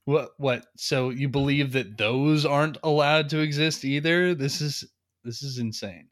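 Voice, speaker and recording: Man, podcast co-host, casual chat, incredulous reactions, laughs a lot, mid-pitched voice. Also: a little slow, fairly bright tone.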